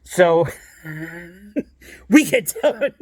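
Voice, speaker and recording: A man's voice: high voice, drawn-out words, husky, no room sound, clean studio sound. A man telling a rambling family story in a casual way, laughing often as he talks. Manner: lively and animated.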